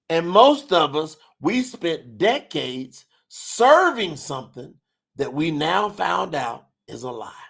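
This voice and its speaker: A man's voice: a little high, slow pace, vocal fry, breathy edge. A man hosting a religious livestream, reading chat comments aloud and preaching. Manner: animated, preacher-like, shouts at times. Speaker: religious talk host.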